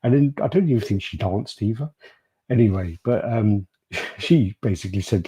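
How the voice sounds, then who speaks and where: A man's voice: on the low side, moderate pace, dark tone. A man co-hosting a podcast, telling rambling stories in casual chat, swearing freely and laughing often. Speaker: podcast co-host.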